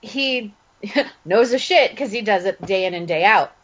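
A woman co-hosting a podcast, telling a story in a lively, laughing way. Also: medium pitch, unhurried. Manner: animated storytelling with frequent laughs. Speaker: podcast co-host. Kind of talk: casual chat. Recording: dull lo-fi audio.

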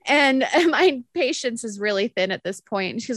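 A young woman telling a story on a podcast, animated and laughing often as she acts out what others said. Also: fairly high pitch, unhurried, dry recording. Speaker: podcast co-host. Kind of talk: casual storytelling chat.

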